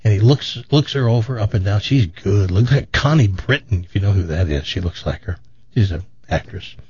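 A man's voice: fairly low pitch, expressive, normal speed, darkish tone, husky, dull audio. A man hosting a radio show, bantering casually and telling a joke as a chatty, playful storyteller. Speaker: radio host.

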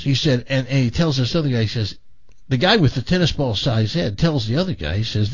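A man hosting a talk show, telling a long joke in an animated way, restarting and repeating words as he goes. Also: mid-range voice, brisk, breathy edge, muffled recording. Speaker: radio show host.

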